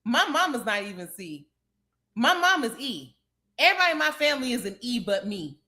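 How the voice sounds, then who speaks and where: A woman's voice: fairly high pitch, sing-song, a little fast, bright, forceful tone. A woman from California co-hosting a live show, playfully exasperated and laughing in casual banter. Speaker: co-host.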